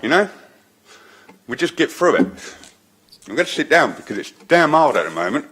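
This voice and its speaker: A council tenant, speaking out emotionally and bluntly at a public council meeting. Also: male voice, on the high side, very animated, moderate pace, fairly bright tone, breathy edge. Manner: emotional, raises his voice, blunt. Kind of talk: impassioned public statement.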